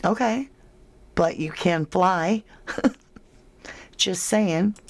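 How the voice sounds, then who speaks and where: A woman hosts a casual livestream, reading viewers' comments aloud and answering them in a friendly, chatty way. She talks slowly and unhurriedly, and her voice sits a little low. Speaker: true crime livestream host.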